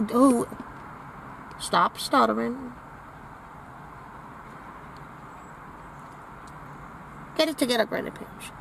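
A woman's voice: high-pitched, creaky, fairly bright tone, slight background noise, full character voice, low-quality recording. A woman playing a vain, brash old granny character, rambling with sassy, crude asides from inside a parked car. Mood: bossy. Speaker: comedy vlogger in character.

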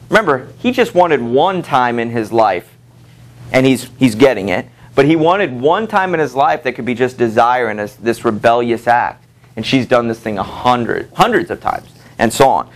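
Middle-aged guy lecturing his class, casual and chatty, lots of ums and okays, voice jumps up when he reads quotes. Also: moderate pace. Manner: casual, conversational, many fillers and check-ins with the class; reads quotes aloud with lively pitch jumps. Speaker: high school literature teacher.

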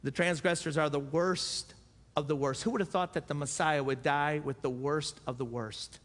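A man's voice: a little high, steady tone, moderate pace, fairly bright tone. A man preaching a sermon as pastor, earnest and repeating phrases for emphasis. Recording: echoey church hall.

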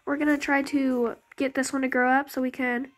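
A woman's voice: high voice, level tone, brisk. A young woman casually commenting on her game as its channel host, chatty and rambling, often correcting herself. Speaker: gaming YouTuber. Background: game music.

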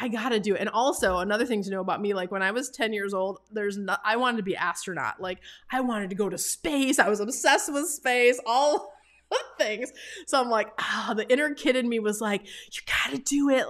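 A chatty woman in her forties tells a story straight to camera, full of laughs and fillers. Her voice sits a little higher than most women's. She talks in a casual, animated way. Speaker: travel business vlogger.

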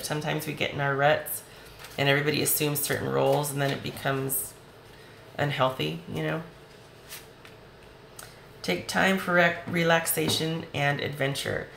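A woman reads tarot cards for her viewers, chatty and reassuring as she speaks right to them. Her voice is hoarse and gravelly from talking. The sound is roomy and echoey, with a faint hiss behind it. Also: sits low, fairly bright tone. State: voice going hoarse. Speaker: tarot reader. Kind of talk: tarot reading video.

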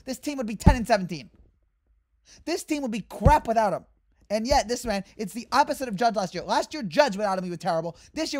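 A woman hosting a sports fan channel, delivering an exasperated, heated rant to the camera. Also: on the high side.

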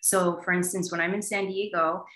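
A woman talking as an academic guest in an animated interview, with plenty of fillers. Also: fairly low pitch, moderate pace. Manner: animated, many fillers like "you know". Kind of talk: conversational interview answer. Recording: roomy echo.

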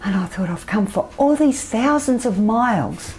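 An older Australian woman telling her personal story as an interview guest, soft-spoken and often trailing off into near-whispers. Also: fairly high pitch, animated, moderate pace, rough recording. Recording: faint background noise.

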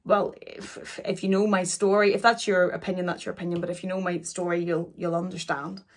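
A woman in her forties chats to camera through an unboxing. Her voice sits a little low for a woman, and she speaks in halting bursts, restarting her sentences as emotion gets the better of her. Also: level tone. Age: 40s. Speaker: luxury vlogger. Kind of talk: chatty unboxing vlog.

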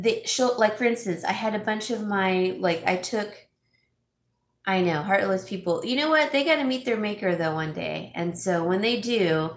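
A woman vlogging casually from home, chatting with her viewers in a gushing way and often restarting her sentences. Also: medium pitch. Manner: chatty, gushing, thinks aloud with many restarts. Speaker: home stager and DIY vlogger. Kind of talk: casual live chat reading viewer comments. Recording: roomy echo.

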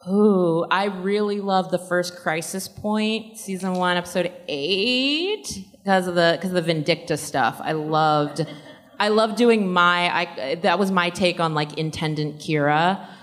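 A woman's voice: on the low side, unhurried. A woman answering fan questions at a convention panel, chatty and laughing often, with many fillers. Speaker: panel guest and actor. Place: large convention hall. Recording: long reverb of a convention hall.

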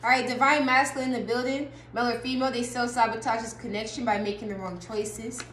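A woman's voice: on the high side, steady tone, fast talker, a bit bright. Chatty woman reading tarot, echoey room. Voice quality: chatty, laughing, swears casually, talks straight to viewers. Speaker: tarot reader. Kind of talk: casual tarot reading for viewers. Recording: echoey room with faint noise.

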